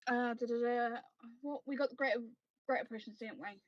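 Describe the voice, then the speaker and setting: A woman's voice: on the high side, fairly even intonation, fairly quick, dry recording. A woman playing a tabletop game, chatting casually and thinking aloud while she checks her notes, on a dull, lo-fi mic. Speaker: player.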